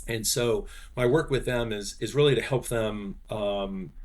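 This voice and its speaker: A man in his sixties, a sports business executive, telling stories as a podcast guest, animated and full of fillers and restarts. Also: on the low side, a little slow. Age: 60s. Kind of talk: podcast interview, anecdote telling.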